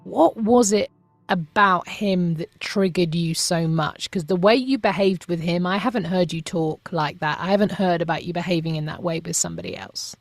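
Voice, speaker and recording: A woman interviewer asking calm, probing questions. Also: on the low side, moderate pace, no room sound, faint music behind.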